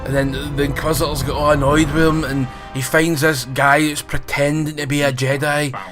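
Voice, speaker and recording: A man's voice: fairly high pitch, little pitch movement, normal speed, over music. A Scottish man giving a sweary, sarcastic review, mocking what he covers in put-on quoted voices. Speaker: film and TV reviewer.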